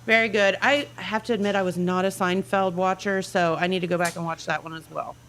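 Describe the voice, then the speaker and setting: A woman on a call reading out quiz clues in a casual chat, upbeat and quick to laugh. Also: on the low side, fairly even intonation, fairly bright tone, slight background noise, rough recording. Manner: upbeat, laughs often, reads clues with pauses. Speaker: guest caller.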